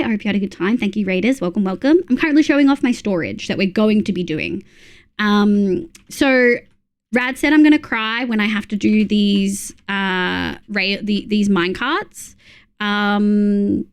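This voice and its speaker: An Australian woman streaming, giving casual, rambling commentary while playing, with plenty of fillers and restarts. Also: medium pitch.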